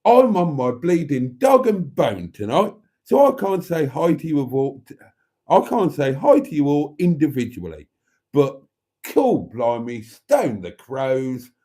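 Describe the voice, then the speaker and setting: A man voicing a brassy, chatty woman viewer with a loud, slangy manner. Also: fairly high pitch, sing-song, a little slow. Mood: cheery. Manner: loud, brash, slangy greeting.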